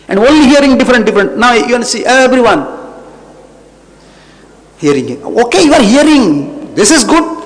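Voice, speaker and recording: Emphatic man giving a devotional lecture. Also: on the high side. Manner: emphatic, repeats phrases, non-native English. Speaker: spiritual teacher.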